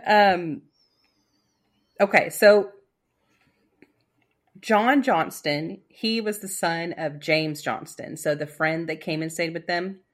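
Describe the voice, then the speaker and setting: A woman's voice: lowish voice, steady tone, takes it slowly, pauses often. A woman casually telling a spooky story on a podcast, rambling with fillers and restarts. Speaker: storyteller co-host.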